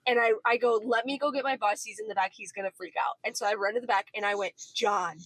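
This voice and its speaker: A woman's voice: medium pitch, fast, dry recording, low-quality recording. A woman in her twenties chatting casually in a car, telling a story with lots of acted-out dialogue. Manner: animated, acts out quoted dialogue. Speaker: podcast co-host.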